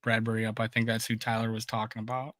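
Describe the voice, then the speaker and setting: A man co-hosting a podcast in casual sports chat, animated and swearing often. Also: lowish voice, fast, no echo, clean studio sound. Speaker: podcast co-host.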